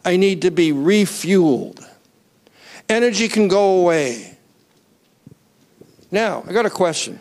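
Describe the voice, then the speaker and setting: Male preacher, high-pitched, animated sermon delivery that rises to near-shouts and calls on the congregation. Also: unhurried, long pauses. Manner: asks the crowd to raise hands.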